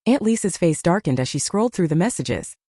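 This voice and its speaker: A young adult woman reading a first-person family drama story as narrator, with a lively, expressive delivery. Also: lowish voice, fairly quick, breathy edge, dry recording, studio quality.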